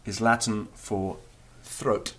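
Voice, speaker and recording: A man with a fairly low voice teaches a recorded beginner language lesson. He explains each point patiently, step by step, and stops to demonstrate the sounds himself. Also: little pitch movement, slow pace, a bit bright.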